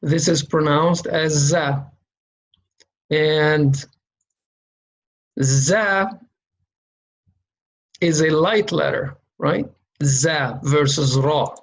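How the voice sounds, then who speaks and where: A man's voice: fairly high pitch, extremely slow, long pauses, poor audio. A man teaching a reading lesson, explaining letter shapes and sounds step by step, patiently repeating each sound and checking in with "okay?". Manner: demonstrates sounds by repeating them.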